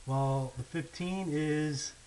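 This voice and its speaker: Step by step, a man teaches math word problems in a recorded lesson, patient and thinking aloud as he writes, slowing on key figures and often asking "okay?" or "right?" His voice is a little high with a darkish tone, and the poor audio carries faint hiss.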